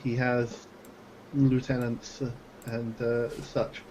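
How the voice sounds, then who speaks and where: A man playing in a tabletop game, talking slowly and carefully with many hesitations. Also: medium pitch, little pitch movement, a little mellow, slight background noise, rough recording. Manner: hesitant, full of ums and long careful sentences. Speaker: player. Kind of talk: tabletop game role-play chat.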